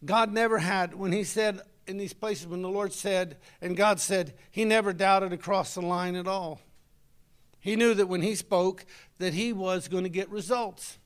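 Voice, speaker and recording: A man's voice: high voice, fairly even intonation, normal speed, clean tone. A middle-aged man, preaching a folksy, conversational sermon and talking with his congregation.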